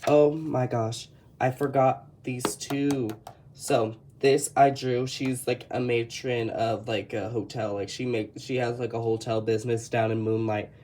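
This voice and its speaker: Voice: medium pitch, fairly even intonation, unhurried, a little mellow, a little hiss or hum. A speaker with a Texan accent casually rambling through a tour of their old sketchbook, often stopping to correct themselves. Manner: rambling, self-correcting, chatty. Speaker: artist showing a sketchbook. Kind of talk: casual commentary.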